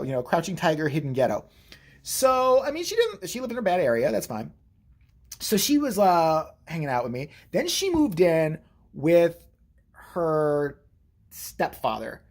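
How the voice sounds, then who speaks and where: Animated, profane man telling a story. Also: fairly high pitch. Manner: profane, animated, jumps into quoted voices. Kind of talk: casual storytime vlog.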